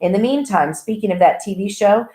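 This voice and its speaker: A woman's voice: medium pitch, lively intonation, fairly quick, dark tone, lightly acted. A woman reading aloud voices a teenage boy who speaks in a plain, firm, resentful way, in an echoey room. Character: angry, steady teenage brother.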